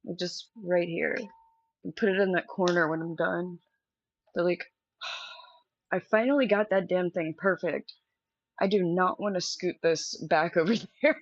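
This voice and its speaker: A woman's voice: lowish voice, a little slow, pauses often, no room sound. A young woman chatting candidly and directly to viewers on a casual live stream from a room at home. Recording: dull lo-fi stream audio.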